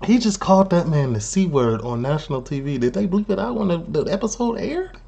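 A man with a Chicago accent hosting a reaction video, chatting casually with animated, laughing asides. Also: a little high, brisk, creaky, husky, highs cut off.

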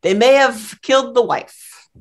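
A woman co-hosting a casual film review chat, teasing and quick to laugh. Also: fairly high pitch, expressive. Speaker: podcast co-host.

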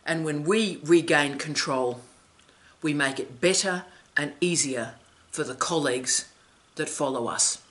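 A woman's voice: low-pitched, a little slow. A middle-aged woman hosting an academic advice vlog, speaking emphatically and theatrically with laughs between phrases.

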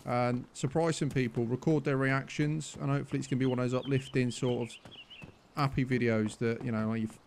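A young man with a British accent, commentating his gameplay with cheeky humour and getting loud and exasperated when ignored. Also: mid-range voice, fairly even intonation, brisk, slight background noise. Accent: British English. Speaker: gaming YouTuber.

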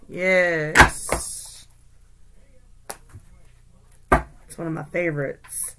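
A woman's voice: mid-range voice, very slow, long pauses, background noise. A woman hosting a casual tarot reading, chatting loosely and muttering to herself while she handles cards. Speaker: tarot reader.

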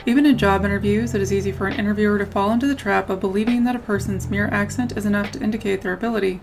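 A woman narrating a scripted video essay in a measured way, often reading out quotes. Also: mid-range voice, steady tone, creaky. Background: background music.

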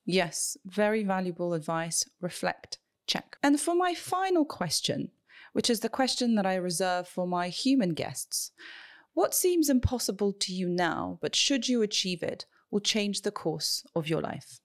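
A woman's voice: medium pitch, very animated, a little slow. A woman hosting a show, interviewing and then chatting upbeat to viewers while wearing headphones. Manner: upbeat, chatty, thanks and wraps up warmly. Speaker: host. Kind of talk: interview and casual explanation to viewers.

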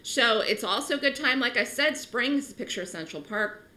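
Animated middle-aged woman, bright voice. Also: brisk, rough recording. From New York City. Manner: animated, emphatic, rising pitch on key points. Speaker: stock trading educator. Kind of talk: direct-to-camera market talk.

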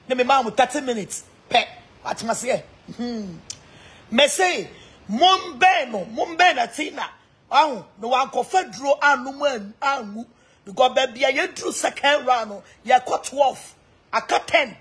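Switching between Twi and English, a Ghanaian woman known on social media laughs her way through a mocking live-stream rant aimed at taunting people online. Her voice is high-pitched and husky.

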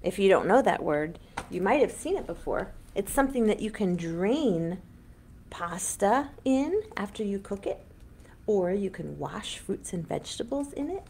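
A woman hosting an online children's storytime as a librarian, reading a picture book aloud in an animated, sing-song way for young children. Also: mid-range voice, a little slow, a little hiss or hum.

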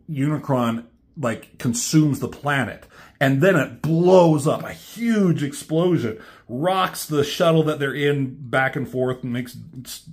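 A man casually retelling a comic's story as a reviewer, chatty and animated. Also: medium pitch. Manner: animated, chatty, many fillers.

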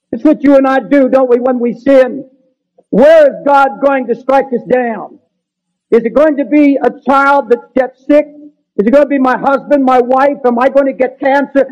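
A man's voice: very high-pitched, a little mellow. A man preaching a sermon in an earnest, pleading manner that builds to raised, urgent emphasis. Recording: dull lo-fi sermon recording.

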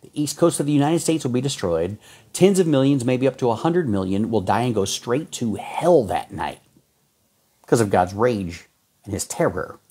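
A man preaching a fervent sermon, folksy and exhorting, with sudden jumps in pitch as he reads scripture. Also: expressive, moderate pace, mellow, husky. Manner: folksy, says y'all and man.

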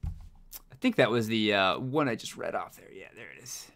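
A man's voice: fairly low pitch, lively intonation, normal speed, a bit bright. A young man live-streaming a game from home, chatty and goofy as he thanks viewers and reacts to chat. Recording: game music behind the voice.

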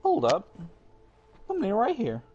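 A man's voice: high-pitched, huge pitch swings, slow pace, darkish tone, lo-fi sound. A man in casual gaming chat, jokey and chatty with his friends. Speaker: gamer.

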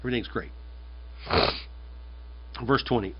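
A man's voice: mid-range voice, measured pace, slightly rough. A man from the United States, a pastor, preaching a conversational and emphatic sermon, often repeating his phrases. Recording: dull lo-fi sermon recording.

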